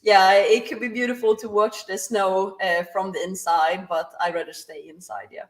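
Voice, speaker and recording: A woman's voice: mid-range voice, fairly even intonation, moderate pace, distant mic. Cheerful Swedish woman, a bit off-mic. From Sweden. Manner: cheerful, laughs often. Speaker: guest, drag racer. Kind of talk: interview chat.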